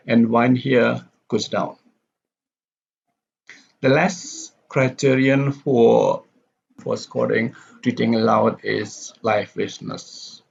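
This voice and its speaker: A man lecturing on pronunciation, methodically repeating example sentences slowly with exaggerated stress. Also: medium pitch, level tone, gravelly, husky. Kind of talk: recorded lecture. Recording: dull lo-fi recording with faint background hiss.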